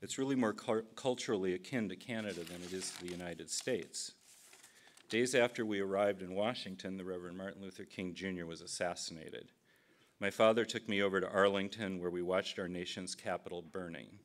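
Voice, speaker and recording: A man's voice: sits low, fairly quick. A man in his fifties, from Minnesota, giving a humorous keynote speech with dry storytelling and self-deprecating asides. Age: 50s.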